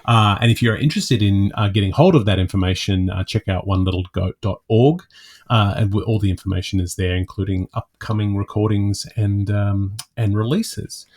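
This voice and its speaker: A man's voice: on the low side, fairly even intonation, normal speed, darkish tone. A man hosting a podcast, chatting enthusiastically with many restarts, then reading the show's outro. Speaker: podcast host. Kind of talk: casual chat and scripted outro.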